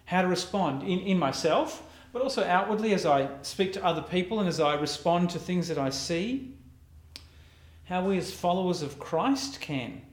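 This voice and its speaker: A man's voice: high voice, reverberant. A man, preaching a reflective, conversational sermon as a pastor.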